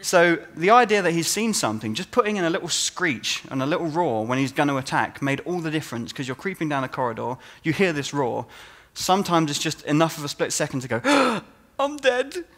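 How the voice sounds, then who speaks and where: A man's voice: a little high, fast talker. A man giving a conference talk as a game designer, telling stories and acting out players' reactions. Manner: animated storytelling, acts out players' reactions.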